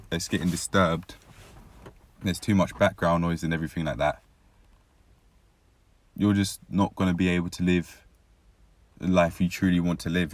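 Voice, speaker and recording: A man's voice: low-pitched, dry recording. A young man talking through a casual personal vlog, rambling and reflective, correcting himself often, with a dry throat. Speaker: vlogger.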